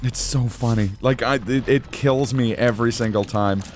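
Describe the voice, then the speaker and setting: A man's voice: mid-range voice, fairly even intonation, normal speed, a little hiss or hum. A man casually commenting as he streams a game, chatty, rambling and self-deprecating.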